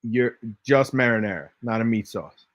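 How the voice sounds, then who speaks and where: A man's voice: mid-range voice, moderate pace, dry recording. A man hosting a casual live-stream chat, joking around and reading chat messages aloud. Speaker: host.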